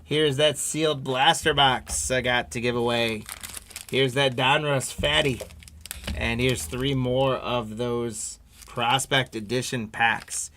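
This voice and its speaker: A man hosting a live-streamed trading card break, calmly reading out each card and chatting with viewers by name. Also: medium pitch, a little hiss or hum. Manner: unhurried, reads card names off one by one, friendly asides to viewers.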